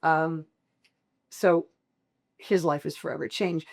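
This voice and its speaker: Middle-aged woman guest, lower voice, emotional storytelling that acts out what others said. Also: slow pace, gravelly. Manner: expressive, laughs often, acts out quoted dialogue. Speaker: podcast guest.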